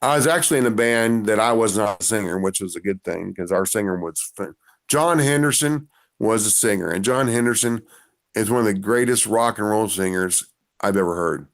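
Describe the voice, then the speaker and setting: Male musician guest, gravelly, rambling anecdotal delivery. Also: fairly low pitch, a little fast. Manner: rambling storyteller. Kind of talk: casual interview chat.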